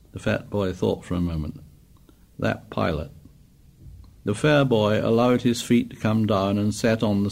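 A man narrating an audiobook in a measured, descriptive way. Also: mid-range voice, vocal fry, darkish tone.

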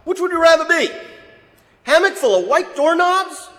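A man voicing a quick-witted male politician who tells an absurd story with brisk deadpan delivery. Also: very high-pitched, pitched above the performer's own voice, full character voice. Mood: sly. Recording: hall with long reverb.

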